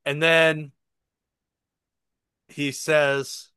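A man in casual podcast chat, retelling a show in an animated way and swearing freely. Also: mid-range voice, a little slow, clear, resonant tone, no echo. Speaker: podcast co-host.

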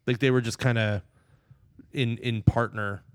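A man chatting casually, recapping a movie in an excited, rambling way and acting out the characters' lines. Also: mid-range voice, a little slow, no room sound, clean studio sound. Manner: excited, rambling, acts out quotes.

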